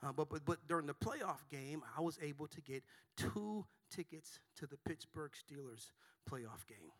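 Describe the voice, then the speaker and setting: A male pastor in his forties preaching a sermon in a church, building from quiet storytelling to shouting. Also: on the high side, expressive, moderate pace. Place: large church auditorium.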